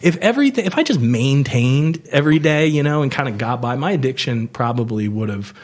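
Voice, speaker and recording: Animated storytelling man, swearing freely. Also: medium pitch, brisk. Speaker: podcast guest. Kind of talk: casual storytelling.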